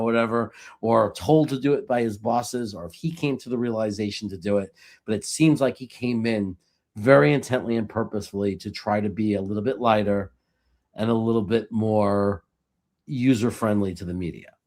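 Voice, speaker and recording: A man's voice: mid-range voice, darkish tone. Rambling man hosting a sports podcast. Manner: rambling, talks in long run-on thoughts with many "you know"s. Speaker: podcast host. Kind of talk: casual sports podcast chat.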